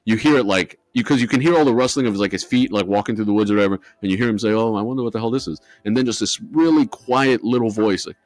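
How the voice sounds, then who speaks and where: A man's voice: on the low side, quick pace, hardly any pauses, no room sound. A man co-hosting a podcast, telling a ghost story in rambling casual chat with lots of swearing and fillers. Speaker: podcast co-host.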